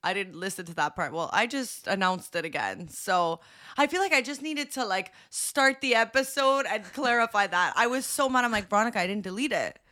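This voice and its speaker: A woman's voice: medium pitch, fairly quick. A woman co-hosting a podcast, telling stories in casual chat with frequent laughter. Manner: giggly, animated storyteller. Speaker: podcast co-host.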